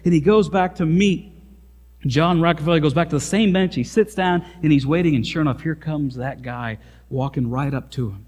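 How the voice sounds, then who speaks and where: A male pastor preaching in an animated, emphatic storytelling manner. His voice sits a little high, and a long reverb rings out after each phrase. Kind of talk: sermon with storytelling.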